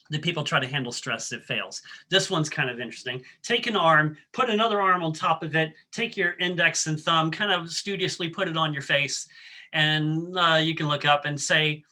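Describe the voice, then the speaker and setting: A man presents a workshop and coaches his audience through breathing exercises. His voice sits a bit high and has a sharp, bright edge. He speaks in a friendly way, with ums and restarts. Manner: coaching, leads the audience step by step. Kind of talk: guided breathing exercise and talk.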